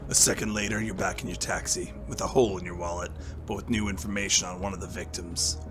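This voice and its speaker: A man playing a game and reading its narration aloud in a quiet, low-key way, with casual remarks. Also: level tone, fast, over music. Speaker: gaming video creator.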